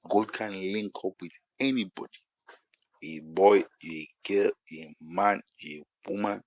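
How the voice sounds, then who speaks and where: Nigerian preacher guy, low and bright-edged, repeats himself for emphasis, dry close sound. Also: dry recording, low-quality recording. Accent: Nigerian English. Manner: repetitive, emphatic, builds to loud peaks. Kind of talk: sermon-style monologue.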